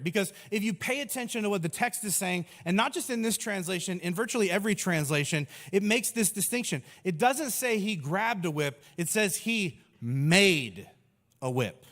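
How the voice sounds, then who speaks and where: High-voiced preacher in a reverberant church. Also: male voice, fairly bright tone. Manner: humorous, acts out voices of people and Jesus. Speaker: pastor. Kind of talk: sermon. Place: large church hall. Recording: long hall reverb.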